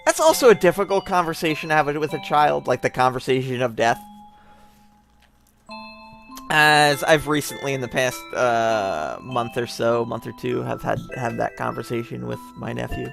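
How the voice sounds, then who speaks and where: A man's voice: medium pitch, normal speed, creaky, fairly bright tone. A tipsy man hosts a let's play in casual commentary, rambling and tossing in joking asides. His close mic pops now and then, and faint game music plays behind him. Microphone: close mic with popping.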